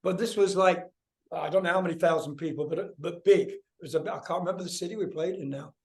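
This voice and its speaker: Older male guest, high-ish voice, lively storyteller, swears a lot. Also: fast talker. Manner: animated, swears freely, acts out voices in anecdotes. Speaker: guest musician. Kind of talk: casual storytelling interview.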